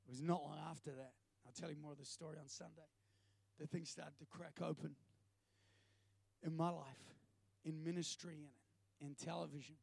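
A man preaching a sermon, telling a personal story and acting out his prayers with animated delivery. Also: on the high side, normal speed, gravelly, long pauses, dry recording.

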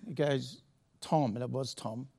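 A man's voice: medium pitch, unhurried, vocal fry, mellow, breathy edge. Aussie pastor guy telling a story in church, chatty, lots of restarts and laughs. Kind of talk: sermon anecdote.

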